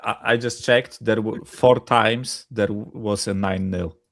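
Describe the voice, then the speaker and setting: A man's voice: fairly low pitch, steady tone, measured pace, vocal fry, fairly bright tone, no room sound, clean studio sound. A man in a casual football chat, swearing freely and quizzing the others.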